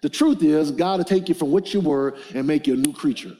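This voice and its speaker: A middle-aged motivational speaker with a fairly high, dark-toned voice speaks briskly as he preaches to a men's gathering. He leads call-and-response and tells stories with emphasis.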